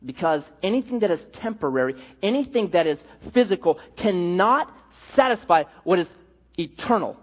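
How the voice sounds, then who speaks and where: A man's voice: high voice, lively intonation, normal speed, breathy edge. A male pastor preaching a sermon, telling stories animatedly with jokes, in an echoey hall with dull sound.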